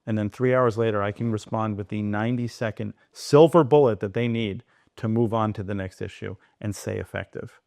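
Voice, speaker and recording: A man speaking as a podcast guest, animated and digressive, talking in quick bursts. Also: on the low side, creaky, dry recording, clean studio sound. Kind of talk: conversational interview.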